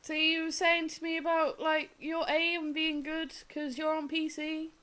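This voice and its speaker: A woman's voice: sits high, flat delivery, a little slow, bright, forceful tone. A woman with a Somerset accent, worn out after a long day, chatting casually on a gaming stream and laughing often mid-sentence. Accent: Somerset English.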